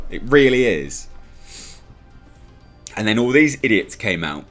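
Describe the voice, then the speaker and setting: A British vlogger's commentary rant comes out sarcastic and exasperated, peppered with mocking voices. His delivery is sing-song and measured, with frequent pauses, in a lowish, slightly bright voice over faint music.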